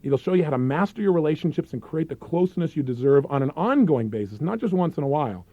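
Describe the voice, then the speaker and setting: A man presenting a self-help program in an emphatic, persuasive infomercial sales pitch. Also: lively intonation, quick pace, dry recording. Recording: dull, dry lo-fi recording.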